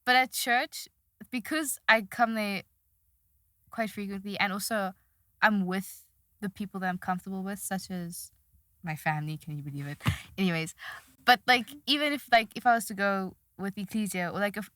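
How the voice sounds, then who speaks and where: Young woman, podcast guest, bright tone, dry close sound, rambling self-deprecating chat with frequent laughs. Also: mid-range voice, moderate pace, no echo. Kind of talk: casual chat.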